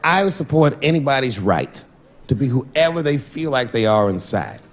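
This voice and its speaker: Animated stand-up comedian telling stories. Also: male voice, mid-range voice, moderate pace. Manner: animated, switching voices for characters in stories. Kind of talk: stand-up storytelling. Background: audience laughter.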